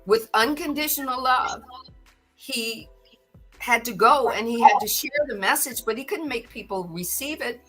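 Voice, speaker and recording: A woman's voice: on the high side, moderate pace, pushed and bright, faint music behind. A middle-aged woman hosting a podcast, giving an earnest spiritual talk and often repeating words as she gathers her thoughts. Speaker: podcast host.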